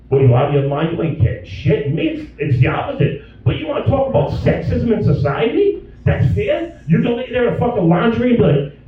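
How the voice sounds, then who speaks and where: A middle-aged man doing stand-up, crude and rambling, his high voice swinging wildly up and down as he rants. He sounds far from the mic, the sound dull and washed in heavy club echo, with faint room noise behind him. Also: big pitch swings, a little fast, soft background music. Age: 50s. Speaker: stand-up comedian. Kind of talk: stand-up comedy set. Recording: distant, dull audio in an echoey club.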